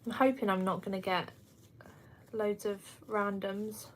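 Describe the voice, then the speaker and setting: A woman's voice: mid-range voice, steady tone, a little slow, slight background noise. Young woman, Kent accent, casual livestream chat, laughs often, answers comments. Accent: Kent English. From England. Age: 20s. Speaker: livestream host.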